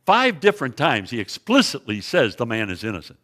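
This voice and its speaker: A man's voice: fairly low pitch, sing-song, normal speed, a bit bright. A man preaching as a guest Bible teacher, retelling scripture vividly in a church sanctuary, often restarting his phrases and pointing to slides. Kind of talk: sermon with biblical storytelling.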